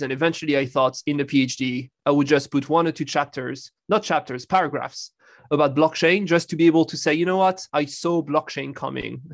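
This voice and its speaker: A man with a French accent and a gravelly edge to his mid-pitched voice, talking in a friendly, self-deprecating way. The sound is dry and close, with no room echo. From France. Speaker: guest, law professor. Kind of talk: casual podcast interview.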